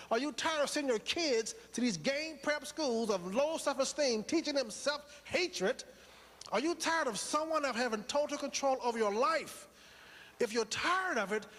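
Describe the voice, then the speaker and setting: A man's voice: very high voice, fairly bright tone, big-room sound. A man giving a motivational speech to a live audience, preaching with rhetorical questions and repetition. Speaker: motivational speaker.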